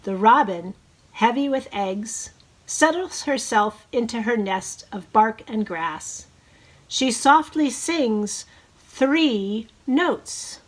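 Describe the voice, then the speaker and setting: Slow, encouraging woman teacher reading aloud. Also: a little high, lively intonation. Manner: slow, encouraging, leads bird-call imitations. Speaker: preschool teacher. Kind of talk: reading a picture book aloud to children.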